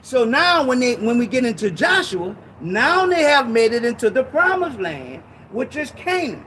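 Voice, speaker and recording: High-voiced man preaching with shouted bursts. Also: very animated, moderate pace, slight background noise. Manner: emphatic, slangy and repetitive, with shouted bursts. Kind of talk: informal Bible teaching sermon.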